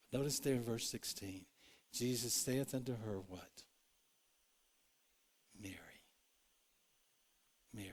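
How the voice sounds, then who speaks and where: A man preaching a sermon in a church, earnest, moving between loud and hushed, acting out the quotes he tells. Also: medium pitch, husky. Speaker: pastor. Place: church sanctuary.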